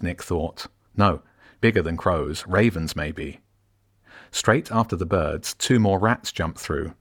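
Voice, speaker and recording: Deep voiced guy reading a kids adventure book, calm steady pace. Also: breathy edge. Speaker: narrator. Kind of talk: storybook narration.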